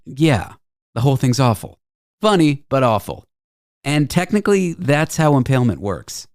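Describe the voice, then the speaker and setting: A man's voice: mid-range voice, no echo. A man hosting a radio talk show, delivering a sarcastic, jokey news monologue into a studio microphone.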